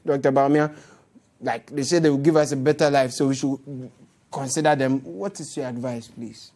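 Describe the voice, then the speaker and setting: Ghanaian accent, tv host, satirical news commentary, sarcastic, mocking, mid-pitched voice. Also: animated, moderate pace, darkish tone. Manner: sarcastic, mocking, laughs at clips.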